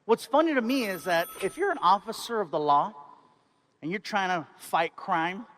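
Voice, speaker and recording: An animated male comedian tells a story on stage, his voice unusually high for a man. He is excitable and jumps into acting out each moment of the scene. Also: normal speed, slight background noise. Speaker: stand-up comedian.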